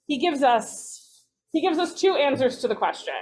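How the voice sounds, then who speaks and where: A woman leads a relaxed study session, her voice sitting a little high. She talks in a chatty way, correcting herself mid-sentence and dropping in playful asides. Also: normal speed, a little hiss or hum. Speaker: rabbinic resident teaching a text study. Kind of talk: casual text study teaching.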